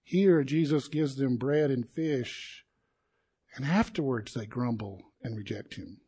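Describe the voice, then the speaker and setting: A man preaching a sermon in an animated way, acting out the crowd's voices and building to indignant peaks. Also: medium pitch, a little slow, breathy edge.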